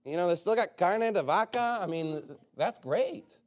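A preacher giving a loose, off-the-cuff sermon, his voice pitched a little high for a man. He talks in a sarcastic, rambling way and keeps slipping in joking asides. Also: animated, a little slow. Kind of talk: informal sermon.

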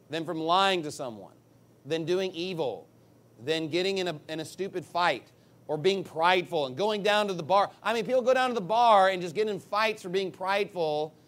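A man preaching a sermon in an emphatic, conversational way, acting out quick asides. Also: sits high, animated, fairly bright tone. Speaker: pastor.

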